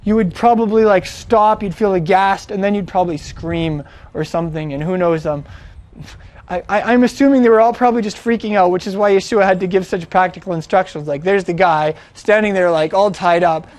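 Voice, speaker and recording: A man's voice: high voice, fairly quick, a little mellow. A man retelling a story in a chatty, informal way, with frequent restarts and fillers. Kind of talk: casual storytelling.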